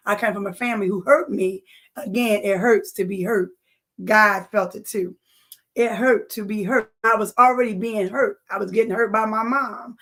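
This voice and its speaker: Speaking directly to an audience in a mid-range voice, a woman gives an earnest personal testimony, repeating phrases for emphasis.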